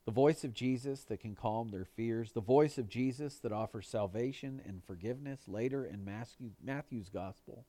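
A man's voice: moderate pace, hardly any pauses, mellow, no echo. Earnest man preaching, dry close sound. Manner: earnest preaching, rising for emphasis and dropping low on quoted words. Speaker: pastor. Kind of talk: sermon.

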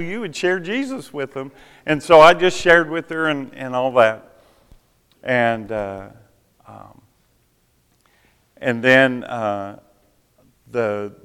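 In a church sanctuary, a preacher shares a personal story as sermon testimony, voicing the people he quotes. His voice is medium in pitch, a bit bright and clean, with the long reverb of a hall around it.

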